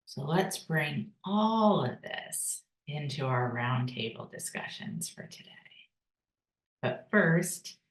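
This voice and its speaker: A woman teaching a personal growth course, calm and deliberate, with pauses for breathing and repeated key phrases. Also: low voice, reverberant, rough recording. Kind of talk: slow guided teaching with breathing cues.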